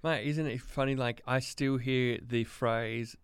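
A man in his thirties with an Australian accent, a podcast guest talking candidly and reflectively, often pausing and restarting his sentences. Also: medium pitch, steady tone, clear, resonant tone, no room sound. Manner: reflective, halting, many restarts. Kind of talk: candid conversational interview.

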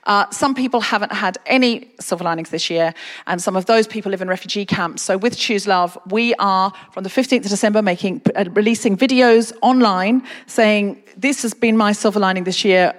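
A woman hosting a live podcast on a theatre stage, brisk, upbeat and chatty. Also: medium pitch. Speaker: podcast host. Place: large theatre stage with audience. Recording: long theatre reverb with faint crowd.

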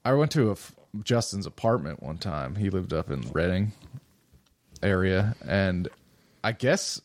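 A man's voice: sits low, animated, measured pace, dry recording. A young man on a casual podcast, telling rambling, profane stories with bursts of laughter. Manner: loose, profane storytelling with laughs. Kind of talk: casual chat.

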